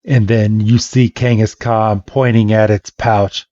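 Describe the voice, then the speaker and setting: A man hosting a podcast, casually retelling a story and acting out every character in an animated way. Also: fairly low pitch, unhurried, few pauses, no echo. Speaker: podcast host. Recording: dull lo-fi dry podcast mic.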